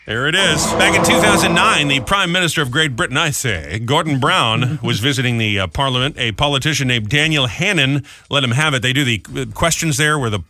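A man hosting a casual comedy chat, telling odd news stories in an animated, jokey way. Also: mid-range voice, a little fast, hardly any pauses. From United States. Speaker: radio show host.

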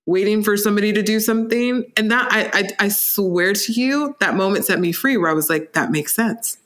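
Woman, 30s, startup founder guest, candid and animated, acts out quoted lines with a laugh. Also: medium pitch, a little fast. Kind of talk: candid storytelling interview.

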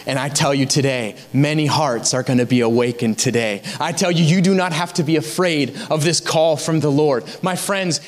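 Casual: guy pastor preaching hard at the congregation, pretty high voice, young. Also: moderate pace, few pauses. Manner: fervent, exhorting the congregation. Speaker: guest pastor. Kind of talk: sermon.

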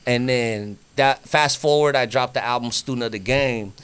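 A man from Northern California with a local accent, telling a story as a podcast guest, slangy and animated, acting out the quotes. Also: mid-range voice, normal speed, clear, resonant tone. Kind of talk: casual storytelling.

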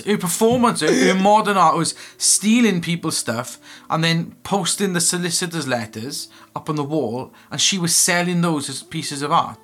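A man with a bright, tense voice, pitched higher than most men, co-hosting a casual chat. He tells stories in a loose, rambling way and laughs easily as he goes. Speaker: podcast co-host.

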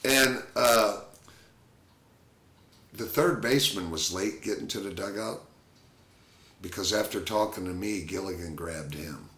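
A man's voice: lowish voice, a little slow, pauses often. A man, a former baseball catcher, telling stories from his career in a casual interview and laughing often. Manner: animated anecdote teller, laughs often. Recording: roomy echo.

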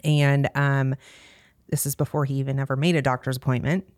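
A woman's voice: a bass voice, little pitch movement, fairly quick, a little mellow, no echo. A woman in her thirties, a parish staff member, chatting as a podcast guest and telling her story with laughs and fillers. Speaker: guest, parish evangelization director. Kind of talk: casual podcast chat.

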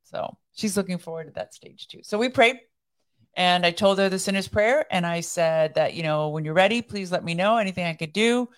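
A middle-aged woman with a lower voice talks casually on a podcast. She tells stories with lots of life and acts out what other people said. Her delivery is conversational and full of fillers. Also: fairly quick. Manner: animated storyteller, acts out quoted voices with high excited pitch. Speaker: podcast co-host.

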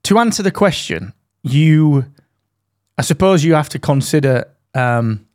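A man's voice: on the high side, animated, unhurried, darkish tone, dry recording, studio quality. A man co-hosting a podcast, bantering in a jokey, sweary way. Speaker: podcast co-host. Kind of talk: casual chat. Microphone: studio dynamic mic.

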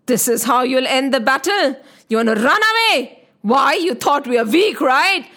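A woman's voice: high voice, lively intonation, moderate pace, a bit bright. A woman playing a commanding warrior goddess. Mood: taunting. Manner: commanding, taunting.

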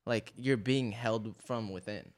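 A man in casual conversation recounting his experiences, earnest and pausing often with fillers. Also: fairly low pitch. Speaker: graffiti writer in conversation. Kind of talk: casual chat.

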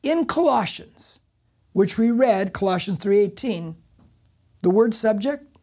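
Brief: middle-aged male pastor, sermon delivery, warm dark tone with a slightly husky edge, speaks straight to the congregation. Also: high-pitched, expressive, measured pace. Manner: conversational, addresses the congregation directly.

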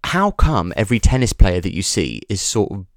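A man's voice: fairly low pitch, big pitch swings, normal speed, dry recording, clean studio sound. A man hosting a podcast, talking in a rambling comic monologue, full of restarts and swearing. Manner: digressive, sweary, stumbling restarts. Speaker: podcast host.

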